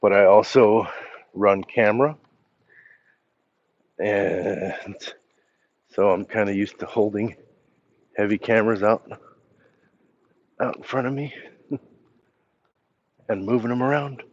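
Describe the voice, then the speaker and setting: A man hosts a relaxed livestream from a phone he holds in his hand, reading viewer comments aloud. He talks at a slow, unhurried pace in a slightly low voice, with easy pauses and fillers. The sound is a little dull and lo-fi. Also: dry recording. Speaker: livestream host. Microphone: handheld phone.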